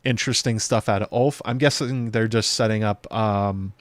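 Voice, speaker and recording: A man hosting a video show, talking through a TV episode in loose, chatty commentary full of fillers and quick playful impressions. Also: fairly low pitch, steady tone, no echo, studio quality. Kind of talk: casual episode breakdown commentary.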